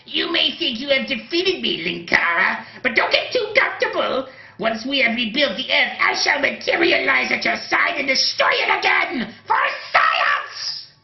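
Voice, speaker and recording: Screechy evil scientist yelling threats, faint music behind. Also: male voice, very high voice, big pitch swings, moderate pace, creaky, pitched above the performer's own voice, heavily acted. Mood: maniacal gloating. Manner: shouting maniacal boasts. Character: cackling mad scientist villain, male adult. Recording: roomy, dull sound, faint music.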